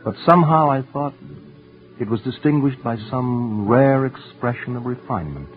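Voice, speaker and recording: A man giving earnest, intense first-person dramatic narration for a radio story, sometimes dropping to hushed tones. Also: medium pitch, animated, normal speed. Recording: tinny old radio broadcast with faint music.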